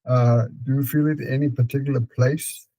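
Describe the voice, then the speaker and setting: A man with a Danish accent calmly guiding a client through a therapy session, repeating prompts slowly. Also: medium pitch, dry recording, rough recording. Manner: calm, repetitive prompting with fillers.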